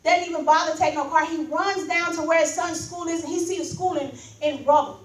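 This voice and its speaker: A woman preacher tells a story as a sermon, building into loud, sing-song preaching. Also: very high voice, fairly even intonation, fairly quick. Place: church. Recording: echoey church room from far off.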